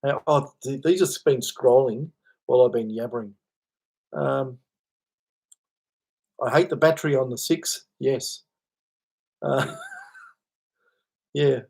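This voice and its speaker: A man's voice: medium pitch, slow, vocal fry, long pauses, a little mellow. A man hosting a casual livestream, rambling, chuckling and answering chat comments. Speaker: livestream host.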